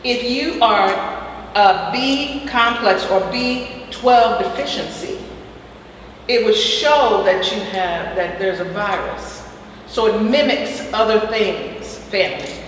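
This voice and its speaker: A woman's voice: medium pitch, slow pace. A woman teaching a casual spiritual health class who peppers her talk with hallelujahs and fillers, speaking in an echoey room. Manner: warm and preachy, frequent hallelujahs and fillers. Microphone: far from the mic. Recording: echoey distant room with faint noise.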